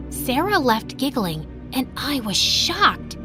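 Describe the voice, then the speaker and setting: Animated female narrator; very high, wide-ranging, over background music. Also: unhurried. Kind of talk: scripted first-person story narration.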